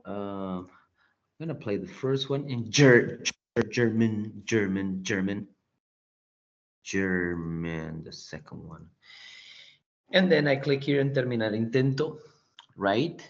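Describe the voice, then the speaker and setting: A man's voice: mid-range voice, lively intonation, a little slow, pauses often. A man teaching an English class online, walking students through a quiz and checking in with "right?" often. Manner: explanatory, checking in with frequent "right?". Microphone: computer mic on a video call. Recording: dull lo-fi meeting recording.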